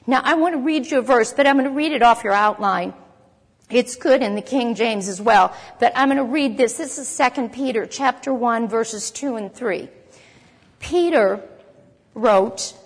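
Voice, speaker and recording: A woman with a fairly high voice teaches a Bible lesson, driving her points home by repeating them and reading scripture aloud. Her voice rings out with a long reverb, as in a large hall.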